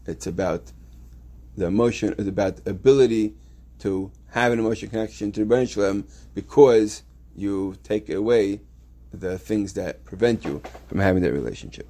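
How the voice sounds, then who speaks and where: Man, yeshiva teacher, Torah class, lowish voice, restarts often, explains step by step. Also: moderate pace, warm tone. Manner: explains step by step with frequent restarts, reading Hebrew texts aloud.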